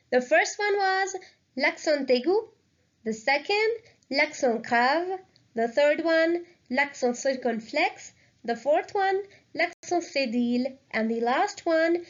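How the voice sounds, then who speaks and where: A woman explains French pronunciation in a clear, upbeat teaching manner. Her voice sits high. The recording is slightly dull and lo-fi. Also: fairly bright tone. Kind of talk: lesson narration.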